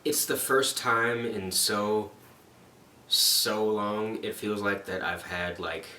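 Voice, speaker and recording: A young man co-hosting a casual film review chat, tossing in joking asides and quick interjections. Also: lowish voice, steady tone, pushed and bright, a little hiss or hum. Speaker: podcast co-host. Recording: roomy, distant mic with faint ambience.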